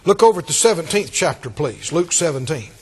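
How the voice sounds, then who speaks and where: A man preaching a sermon, laughing often and acting out the scripture scenes in lively voices. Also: on the high side, brisk, breathy edge.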